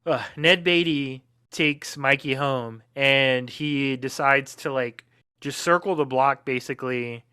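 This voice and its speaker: Bright-voiced young man musing on a film. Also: medium pitch, slow pace, clean tone, dry recording, clean studio sound. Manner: hesitant, many fillers and restarts. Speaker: podcast co-host. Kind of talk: casual film discussion.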